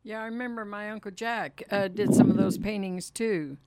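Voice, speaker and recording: A woman's voice: mid-range voice, fairly even intonation, moderate pace, noisy background. Woman interviewing an elder on radio. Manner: friendly, conversational questions.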